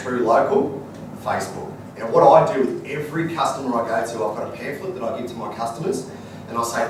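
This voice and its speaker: An Australian man talking bluntly and colloquially as a guest speaker, answering audience questions. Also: medium pitch. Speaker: guest speaker, business owner. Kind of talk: live Q&A storytelling. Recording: echoey room, distant mic, noisy.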